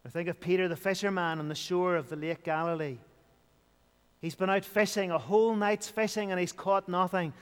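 Earnest high-voiced male preacher, reverberant hall. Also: steady tone, moderate pace, clean tone. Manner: earnest, repetitive preaching with rising emphasis. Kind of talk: evening sermon.

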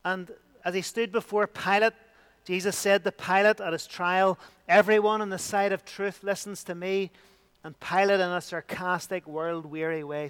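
A man preaching a sermon with emphatic delivery, rising loud and dropping to a hush. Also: sits high, flat delivery, moderate pace, clean tone.

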